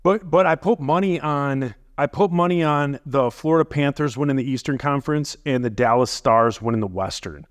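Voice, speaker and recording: A man's voice: mid-range voice, moderate pace, hardly any pauses. A man co-hosting a podcast in a loose, rambling chat, laughing often. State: out of breath. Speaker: podcast co-host. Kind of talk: casual chat.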